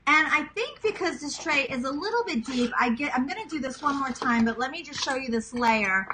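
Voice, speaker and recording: A woman's voice: sits high, animated, brisk, bright, forceful tone, slight background noise, poor audio. A woman in her thirties from Queens with a New York accent, chatting casually to viewers as she walks through a recipe in her home kitchen. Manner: chatty, self-teasing, talks to viewers as guys. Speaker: cooking vlogger. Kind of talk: casual cooking demonstration.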